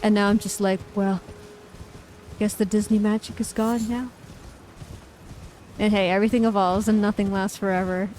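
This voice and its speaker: A woman in her thirties from the United States, streaming a game live, jumping from sudden high squeals of surprise into relaxed chatty talk with her viewers. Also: moderate pace, long pauses, slight background noise, low-quality recording. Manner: excitable, squeals and exclaims at game events, then chats casually. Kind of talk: live gameplay commentary.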